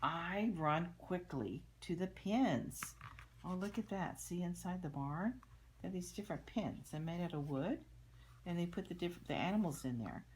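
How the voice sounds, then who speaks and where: An older woman reading a children's picture book aloud, chatting gently about the pictures and sometimes dropping to a whisper. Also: on the low side, lively intonation, fairly quick, slight background noise.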